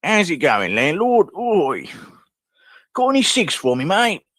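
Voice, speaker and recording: A man's voice: sits high, huge pitch swings, measured pace, a bit bright, no echo, studio quality, pitched above the performer's own voice, exaggerated voice. A man putting on a brash Cockney accent as a rowdy man at a pub bar.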